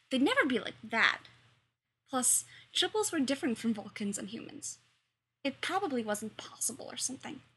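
A woman's voice: fairly high pitch, fairly bright tone, slightly rough. A woman with a light, playful manner, narrating her own short story. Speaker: fan fiction reader and author.

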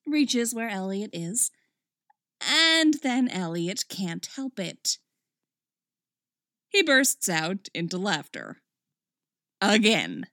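A woman reading fan fiction aloud as a wry, expressive storyteller. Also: medium pitch, slow pace, long pauses, dry recording, studio quality. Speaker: story reader.

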